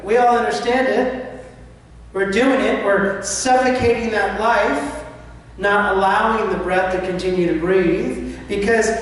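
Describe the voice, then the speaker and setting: Man, high voice, spiritual speaker; impassioned sermon, distant mic in a big reverberant hall with faint hiss. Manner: impassioned, acts out anxious inner voices. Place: large church hall.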